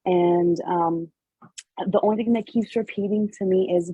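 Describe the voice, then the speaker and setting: Mellow, husky woman healer; halting and emotional, dry lo-fi sound. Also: on the low side, fairly even intonation, no echo. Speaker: class participant and healer. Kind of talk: sharing in a group class.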